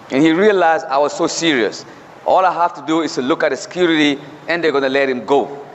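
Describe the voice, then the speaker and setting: A man's voice: on the high side, brisk. Male preacher, chatty storyteller, muffled lo-fi sound with a faint hiss. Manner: conversational, anecdotal, with quoted dialogue. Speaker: Islamic preacher. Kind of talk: sermon with storytelling. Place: lecture hall. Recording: dull lo-fi hall reverb, faint noise.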